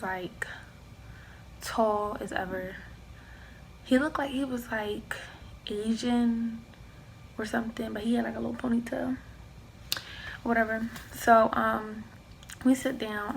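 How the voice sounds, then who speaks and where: A young woman vlogger telling a personal storytime, animated, acting out what people said and dropping into hushed asides. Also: fairly high pitch, measured pace, gravelly, pauses often, slight background noise, rough recording. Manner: animated storyteller who acts out quoted dialogue, slips into hushed asides. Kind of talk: storytime chat.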